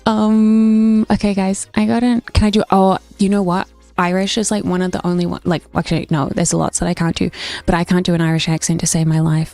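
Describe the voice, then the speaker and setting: A woman's voice: mid-range voice, vocal fry, darkish tone, no echo. A young woman streaming a cosy game, chatting casually with viewers and reading game lines aloud. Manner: chatty, friendly, often reads game dialogue aloud.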